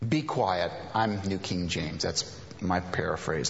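A man's voice: deep voice, measured pace, gravelly, slight background noise. Man preaching in an echoing hall. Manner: reads scripture aloud, breaks off to explain and paraphrase. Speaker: pastor. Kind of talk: sermon with scripture reading. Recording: reverberant hall, dull lo-fi sound.

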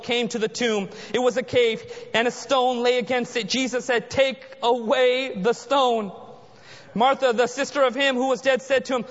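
High-voiced preacher in a reverberant hall. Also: male voice. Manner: dramatic preaching, drops to a hush for emphasis. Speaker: pastor. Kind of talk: sermon. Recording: muffled sound in a large reverberant hall.

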